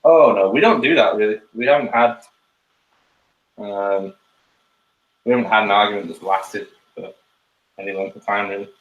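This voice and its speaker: A man's voice: lowish voice, big pitch swings, normal speed, creaky, long pauses, echoey room, recorded from a distance, lo-fi sound. A man co-hosting a podcast, trading dry, teasing banter in casual chat. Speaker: podcast co-host.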